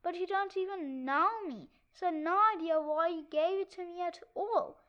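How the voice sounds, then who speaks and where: High-voiced woman reading a kids' comic. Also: normal speed, highs cut off. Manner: switches between many kid characters. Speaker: read-aloud narrator. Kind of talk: reading a children's comic book aloud.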